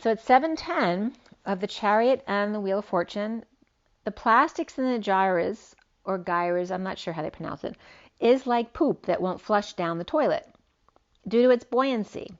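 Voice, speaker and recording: A woman's voice: mid-range voice, lively intonation, normal speed, dull audio. Rambling woman giving a spiritual reading. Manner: rambling, free-associating. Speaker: spiritual reader. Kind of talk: solo spiritual reading monologue.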